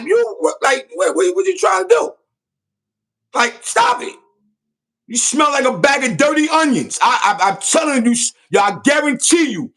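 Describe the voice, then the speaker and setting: Loud mocking man ranting. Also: very high-pitched. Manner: loud, mocking, repeats catchphrases. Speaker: online show host. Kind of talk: comedic roast rant.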